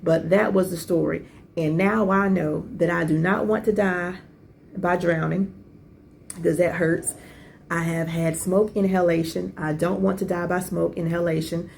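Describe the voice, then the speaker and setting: Low gravelly-voiced woman telling a story. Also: measured pace, slight background noise. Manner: animated, conversational, with many asides and rhetorical questions. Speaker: podcast host. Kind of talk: casual storytelling.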